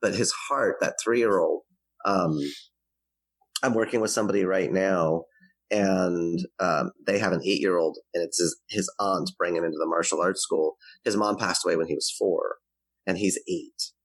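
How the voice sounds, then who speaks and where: A man's voice: sits low, moderate pace, slightly rough, no echo, rough recording. A man giving earnest, explanatory parenting advice as a guest in a conversational interview. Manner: earnest, explanatory, varies his pace to demonstrate.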